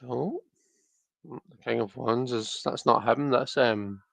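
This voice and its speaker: Gravelly chatty man. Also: medium pitch, a little slow, fairly bright tone, no room sound. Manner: rambling, chatty, many restarts and fillers. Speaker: tarot livestream host. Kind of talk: casual chat to live viewers.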